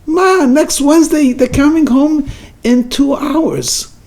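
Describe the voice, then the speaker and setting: A man's voice: very high voice, slow, vocal fry, a little mellow, voice pushed up, heavily acted. A rabbi voicing an anxious, pleading grown daughter during a joke in his lecture. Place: synagogue lecture room.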